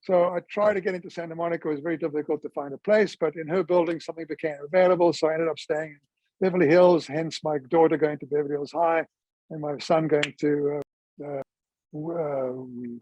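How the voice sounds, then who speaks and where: A man in his sixties talks through his life story in a relaxed interview, slipping into the voices of people he quotes. His voice sits high for a man. It is recorded close and dry, with no room sound. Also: brisk, no room sound, rough recording. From South Africa. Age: 60s. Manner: chatty storyteller who acts out quoted dialogue.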